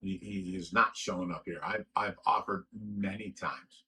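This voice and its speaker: A man's voice: low-pitched, steady tone, unhurried, sharp tone, poor audio. A man hosting a casual livestream, reading out viewer comments and trash-talking in a brash, boastful way.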